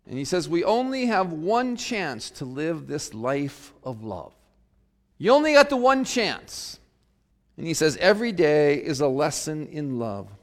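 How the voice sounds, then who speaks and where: A pastor delivering a sermon and leading a prayer, earnest and reflective, rising to sudden emphasis on key phrases. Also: male voice, fairly high pitch, very animated, a little slow. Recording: long reverb of a large hall.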